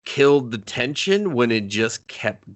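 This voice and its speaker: A man's voice: mid-range voice, very animated, unhurried. A man co-hosting a casual movie review chat, sarcastic and acting out characters' lines. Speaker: podcast co-host.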